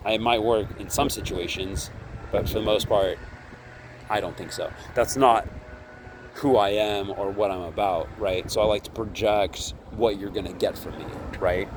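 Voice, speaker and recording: Unhurried and steady in a lowish voice, a man vlogs about his candy vending venture while background noise plays. His casual, rambling chat to camera ends nearly every line with "right?", and he acts out quoted exchanges as he tells them.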